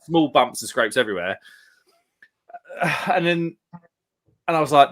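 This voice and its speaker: A man's voice: mid-range voice, animated, normal speed, pauses often, a bit bright. A man, telling a long rambling story over casual chat and acting out what other people said. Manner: rambling anecdote teller, acts out quotes. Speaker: live stream co-host.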